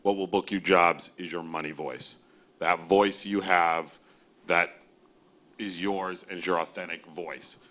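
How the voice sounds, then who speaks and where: A man who works as a voiceover agent, speaking bluntly on a panel and telling lively stories. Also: low-pitched, a little slow. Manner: blunt, animated storyteller with mimicry. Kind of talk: panel discussion.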